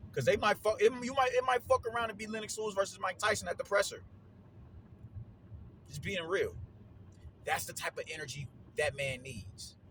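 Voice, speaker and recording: Slangy, animated male boxing commentator. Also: on the high side, slight background noise. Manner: slangy, animated, repeats himself, many fillers. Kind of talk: casual solo commentary.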